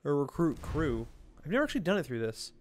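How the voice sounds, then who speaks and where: A man's voice: fairly high pitch, very animated, quick pace, faint music behind. A young man giving casual let's-play commentary, rambling and mocking himself as he goes. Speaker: gaming video host.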